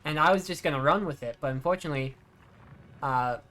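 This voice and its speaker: A streamer giving relaxed, chatty commentary while playing, muttering asides. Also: mid-range voice, fast talker. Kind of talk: casual gameplay commentary.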